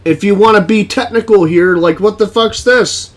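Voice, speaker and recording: A man's voice: sits high, moderate pace, slight background noise. A man giving casual reaction commentary on a video, blunt and profane, exasperated and laughing often.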